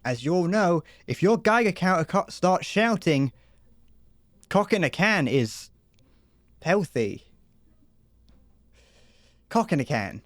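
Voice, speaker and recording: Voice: mid-range voice, big pitch swings, slow, long pauses, dry recording. A livestreamer improvising a silly mock advert while gaming, giggling and stumbling over words.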